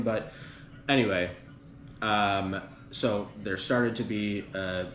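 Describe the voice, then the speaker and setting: A man's voice: low voice, steady tone, normal speed. A man hosting a casual podcast, retelling band history in a rambling way with lots of fillers. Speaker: podcast host. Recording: echoey room with background noise.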